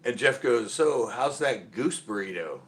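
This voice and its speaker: A middle-aged man hosting a casual live stream, rambling through anecdotes, laughing and loudly acting out other people's lines. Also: mid-range voice, expressive, a little slow, soft background music. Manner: rambling storyteller, acts out quotes loudly and laughs often. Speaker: host of a fishing channel livestream.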